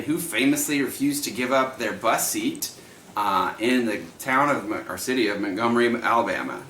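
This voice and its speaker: A man in his thirties runs a trivia night over a livestream, talking in a loose, chatty way and laughing often as he reads out and repeats each question. His voice has a bright, forward edge. It sounds like a room at home that is a bit echoey, with a faint hum behind him. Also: mid-range voice.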